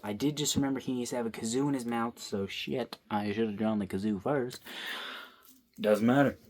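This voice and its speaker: This is a young vlogger chatting to himself as he draws, captured on his phone in a rambling, playful, self-talking way. He speaks at a normal speed with a medium pitch and a somewhat dark tone.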